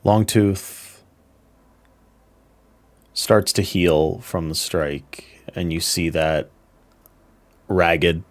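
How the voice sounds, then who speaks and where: A man narrating as game master in a slow, measured, descriptive way. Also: a bass voice.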